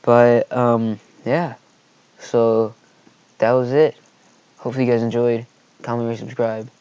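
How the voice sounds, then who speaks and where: A vlogger tells a storytime in a heated ramble, swearing constantly, his voice at an ordinary middle pitch with a level tone and measured pace. His tone is mellow, clear and resonant with no echo, though the recording sounds a little dull and muffled.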